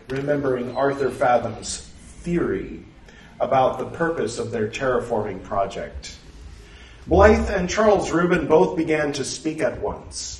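Slow expressive male storyteller. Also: medium pitch. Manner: expressive, measured reading. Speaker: narrator. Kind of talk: storytelling reading. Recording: roomy, distant mic.

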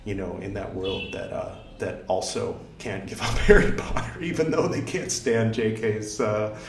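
On the low side with vocal fry and a measured pace, a man hosts a digressive, casual podcast, stumbling through fillers and restarts and putting himself down in asides. The audio is reverberant with slight background noise.

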